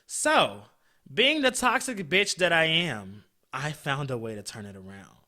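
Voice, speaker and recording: A man hosting a podcast, telling a story in a blunt, profane, animated way. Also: a little high, measured pace. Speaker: podcast host. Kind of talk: casual storytelling.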